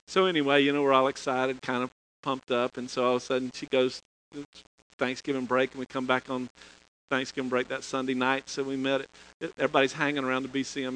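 A man's voice: medium pitch, a bit bright, a little hiss or hum, rough recording. A middle-aged man preaching a storytelling sermon in a folksy way, chuckling and restarting phrases. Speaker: pastor.

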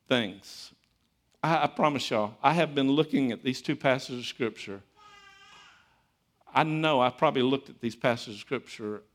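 A man preaching a sermon as a pastor, telling stories in an animated, conversational, folksy way. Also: medium pitch, normal speed, pauses often.

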